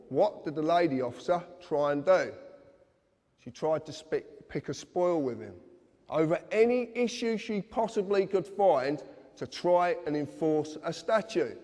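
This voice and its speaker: A man's voice: a little high, a little mellow. A man giving an earnest, insistent lecture to a live audience, speaking directly to his listeners. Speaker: public speaker. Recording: long reverb of a hall.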